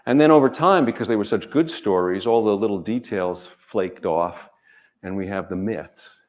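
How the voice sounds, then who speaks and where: Man, deep voice, author reading, reflective, gentle, measured phrasing. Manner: gentle, measured, speaks in short unhurried phrases. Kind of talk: reflective talk and reading aloud.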